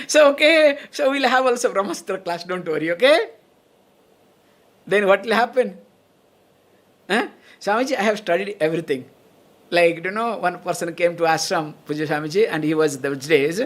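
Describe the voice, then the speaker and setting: A woman teaching Vedanta as a swami, often checking in with her listeners and laughing between points. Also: medium pitch. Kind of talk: spiritual lecture.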